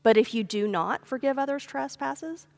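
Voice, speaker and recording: A woman's voice: high voice, normal speed, gravelly. Woman preaching with folksy storytelling. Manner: storytelling, acts out the characters' pleas with a raised voice; conversational, folksy asides. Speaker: pastor. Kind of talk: sermon. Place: church sanctuary.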